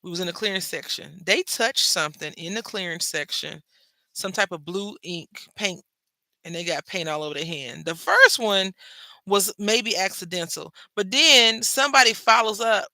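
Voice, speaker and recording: A man with a high, gravelly voice and a sharp, very bright edge hosts a crafting video. He chats in a playful, gossipy way and keeps throwing asides to his viewers. The sound is close and dry. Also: animated, normal speed, no room sound. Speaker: craft channel host. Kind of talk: casual crafting chat.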